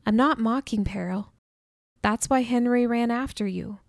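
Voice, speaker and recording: A contrite, soft-spoken man pleading for forgiveness in a storybook reading, as the woman narrating puts him on. His voice is subdued and sits a little high. The recording is dry and close. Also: measured pace, gravelly, dry recording. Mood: remorseful. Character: remorseful adult man, gentle, pleading.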